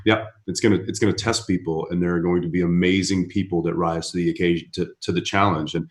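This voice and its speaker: A man on a video call, talking in a calm, reassuring way with some hesitant restarts. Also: low voice, quick pace. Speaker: guest. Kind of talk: casual video call chat.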